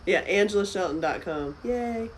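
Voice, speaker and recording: A woman hosting a live stream from a friend's house, chatting casually with viewers, with loud exclamations and soft asides. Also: medium pitch, animated, moderate pace, slight background noise, rough recording.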